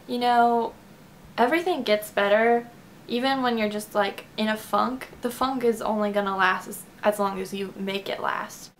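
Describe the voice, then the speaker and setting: A woman's voice: a little high, a little hiss or hum. A young woman from Kentucky talking to her subscribers in a casual vlog, emotional and close to tears, with lots of fillers. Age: young adult. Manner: emotional, teary, fast with many fillers. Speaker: vlogger. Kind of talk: casual heartfelt talk to camera.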